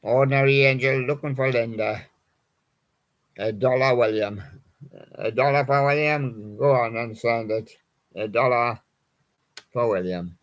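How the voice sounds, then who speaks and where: A man with a medium-pitched, fairly even voice hosts a live music show, speaking unhurriedly and pausing often. He chats in a rambling way on the stream and reads out song titles from his records.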